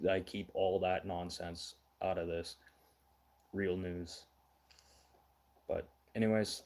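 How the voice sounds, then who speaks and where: A man's voice: fairly low pitch, dark tone. A middle-aged man from Manitoba, hosting a casual livestream news show, blunt and ranting, swearing now and then. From Manitoba, Canada.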